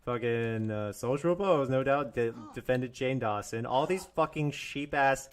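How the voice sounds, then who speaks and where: This young man's voice is medium-pitched and unhurried. Angry and profane, he rants on his own live stream, laughing often and mocking others in put-on voices.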